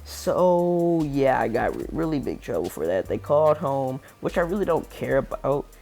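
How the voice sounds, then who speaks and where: A man's voice: medium pitch, sing-song, moderate pace, creaky, darkish tone, soft background music. A teenage boy telling a school story in a casual, rambling, slangy way over gameplay. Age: teens. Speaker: gaming channel storyteller.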